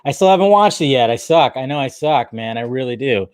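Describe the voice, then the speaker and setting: A man's voice: medium pitch, expressive, a little fast, clear, resonant tone, no echo. A man hosting a casual live stream, loosely chatting, swearing and greeting viewers by name.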